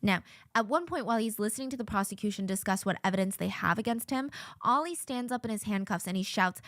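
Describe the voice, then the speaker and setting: A woman's voice: mid-range voice, fast talker, few pauses, fairly bright tone, dry recording. A woman hosts a true-crime commentary show with a mid-range voice, narrating a court hearing with open indignation. The sound is dry and close, with no room behind her. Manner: indignant, conversational storytelling. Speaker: host.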